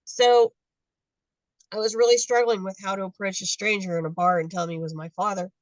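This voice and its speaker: Woman, 50s, animated storyteller, dry close sound on a call. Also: medium pitch, brisk, dry recording, lo-fi sound. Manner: animated, acts out dialogue in quotes. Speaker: guest adoptee. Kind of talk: casual storytelling on a video call.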